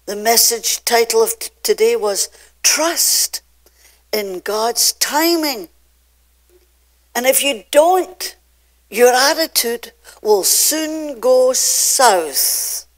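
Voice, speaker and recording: An older woman from Scotland with a Scottish accent, preaching a sermon from a church pulpit with emphatic, drawn-out phrases that swing between loud and soft. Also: fairly high pitch, lively intonation. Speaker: pastor.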